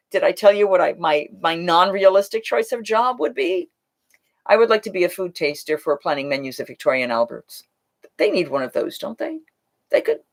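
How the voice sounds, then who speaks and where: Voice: mid-range voice, creaky. Role: live-stream host. Type: chatty, rambling, thinks aloud while answering viewer questions. Mic: USB desk microphone. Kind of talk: casual live chat. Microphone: Logitech USB microphone.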